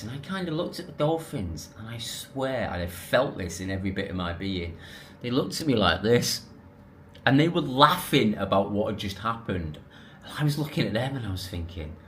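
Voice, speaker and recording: A man telling a personal story to camera in a casual, animated, rambling way, restarting and correcting himself. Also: mid-range voice, moderate pace, a little hiss or hum. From England. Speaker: vlogger.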